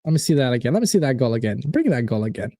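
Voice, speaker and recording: A man hosting a live football watchalong, reacting to the match and chatting to viewers in an excitable, casual way. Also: medium pitch, racing, no echo. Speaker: watchalong host. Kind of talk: live fan reaction commentary.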